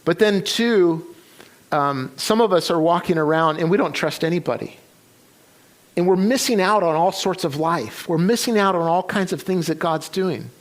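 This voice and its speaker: A man's voice: high voice, moderate pace. A middle-aged man, a pastor, preaching in a conversational way, retelling a story with quoted dialogue and frequent restarts. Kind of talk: sermon storytelling. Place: church.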